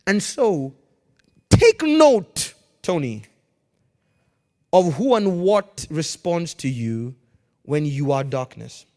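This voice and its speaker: A man preaching a sermon as pastor, swinging from quiet, measured lines to loud, emphatic ones and calling on the congregation to answer back. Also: fairly high pitch, animated. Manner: calls on the congregation to respond.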